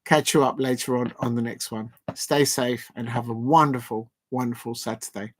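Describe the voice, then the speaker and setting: Guy rambling on his live stream, jokey, keeps repeating catchphrases, middle pitch. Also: steady tone, moderate pace. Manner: playful, repeats catchphrases, chuckles. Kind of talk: casual live stream chat.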